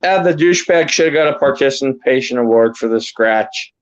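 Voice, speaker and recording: A man's voice: mid-range voice, a little fast, muffled recording. A man chatting casually on a podcast as co-host, trading jokey banter and often stammering over his words. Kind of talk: casual chat.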